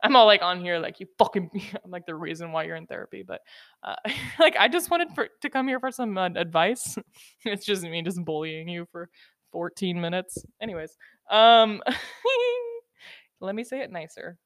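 A woman's voice: on the low side, animated, moderate pace, dry recording, clean studio sound. A young woman hosting a solo motivational podcast, blunt and profane, giving teasing tough-love advice into a podcast microphone. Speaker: podcast host.

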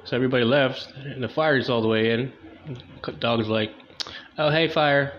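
A man's voice: mid-range voice, fairly even intonation, fairly quick, slight background noise. A young man doing a loose, crude, slangy stand-up comedy monologue, in a dull lo-fi recording.

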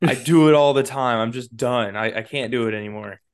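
A man's voice: medium pitch, brisk. A man hosting a casual sports betting podcast, blunt and a bit weary, moving the talk along. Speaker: podcast host running the segments.

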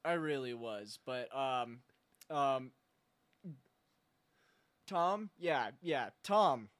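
A man hosting a comedy talk show, exasperated and deadpan, swearing as he gives up. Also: mid-range voice, extremely slow. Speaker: show host.

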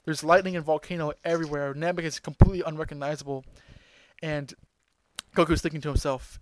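A man hosting a podcast, recapping an episode in an excited, rambling way with lots of fillers and restarts. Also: fairly high pitch, fast talker, no echo, rough recording. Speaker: podcast host.

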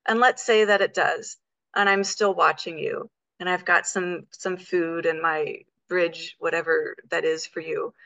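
This is a woman trainer talking on a podcast, with a bright, edgy tone sitting a little low in pitch. She explains things eagerly and acts out what she would say in each step. The sound is close-miked and dry. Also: measured pace, dry recording, muffled recording. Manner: animated, explains by talking through examples. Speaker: animal trainer guest.

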